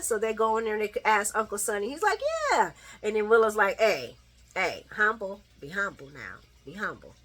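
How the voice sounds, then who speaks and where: A woman casually recapping a soap opera episode, laughing often and acting out the characters' lines in quick little voices. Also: mid-range voice. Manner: animated and giggly, acts out characters' lines. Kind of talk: casual chat.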